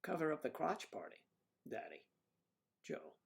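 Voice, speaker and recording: A man's voice: a little high, very animated, unhurried, creaky. A middle-aged man hosting a casual livestream, joking and chatting with viewers and reading out their comments. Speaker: livestream host.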